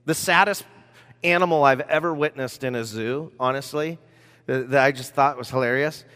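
A man's voice: mid-range voice, moderate pace, pushed and bright, clean tone. American guy preaching, loose and rambly with lots of uhs, long hall echo. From United States. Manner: conversational, rambling with fillers and asides. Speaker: pastor. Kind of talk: sermon with personal stories. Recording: reverberant hall.

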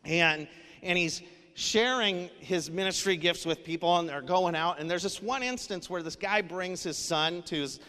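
A man's voice: sits high, normal speed, pushed and bright. A male pastor preaching a sermon in an earnest, conversational way, with casual fillers. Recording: long hall reverb.

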